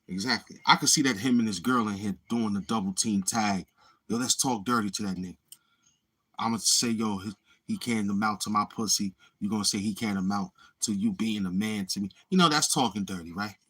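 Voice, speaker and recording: A man's voice: fairly low pitch, normal speed, a bit bright, husky. A man hosting a casual livestream, rambling along and murmuring mm-hmm between his thoughts. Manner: rambling, with many murmured mm-hmms. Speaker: livestream host.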